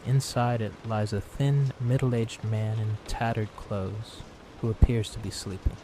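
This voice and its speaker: A man narrating a horror story in a calm, even storytelling manner, made to help listeners fall asleep. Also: on the low side, a little slow, background noise. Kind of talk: calm scripted narration for sleep. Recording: clear rain sounds behind voice. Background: steady rain.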